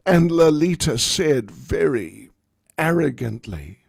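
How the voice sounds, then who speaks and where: A man, a spiritual teacher, telling a story in a class, animated and wryly humorous. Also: medium pitch, slow, vocal fry, husky, no echo, studio quality.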